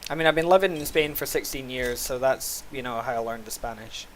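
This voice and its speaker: A man with a Scottish accent chatting casually while streaming an online game, sardonic and quick to grumble about lag. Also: mid-range voice, slight background noise, low-quality recording. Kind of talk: casual gaming stream chat.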